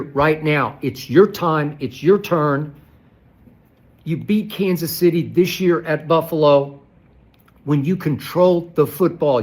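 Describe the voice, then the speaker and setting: A man in heated sports debate with a slightly high voice. He hammers rhetorical questions and drives his points home by repeating them. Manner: repeats key phrases for emphasis. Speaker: sports commentator.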